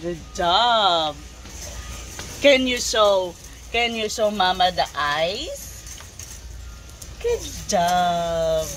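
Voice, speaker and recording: A woman's voice: medium pitch, expressive, slow, pauses often, fairly bright tone. A young mother playfully teaching her toddler about animals, with an exaggerated, encouraging voice. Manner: sing-song, exaggerated and encouraging. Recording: noisy background.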